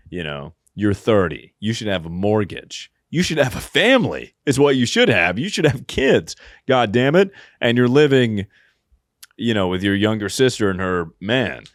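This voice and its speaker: A man's voice: lowish voice, no echo, studio quality. A man hosting a podcast, giving crude, joking advice and laughing often. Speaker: podcast host. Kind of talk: casual comedic advice chat.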